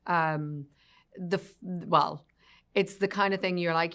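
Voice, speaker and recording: A woman's voice: lowish voice, normal speed, fairly bright tone. A woman being interviewed as an actress, speaking casually and hesitantly with self-deprecating humor. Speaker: actress guest.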